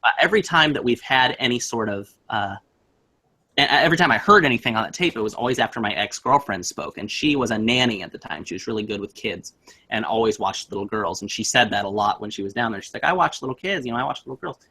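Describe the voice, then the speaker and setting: A man's voice: medium pitch, fast talker, slightly rough. A young man casually telling a spooky story, acting out the voices in it. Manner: animated, acts out voices in his story.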